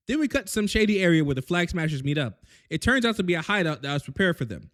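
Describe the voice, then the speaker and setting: A man telling a crude, comedic recap of a show, full of slang and quick character asides. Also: high-pitched, big pitch swings, a bit bright. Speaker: recap host.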